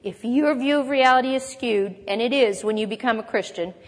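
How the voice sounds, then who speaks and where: Woman, preacher, earnest Bible teaching, higher voice, long hall reverb. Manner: earnest teaching, reads scripture aloud, occasional light laugh. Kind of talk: sermon.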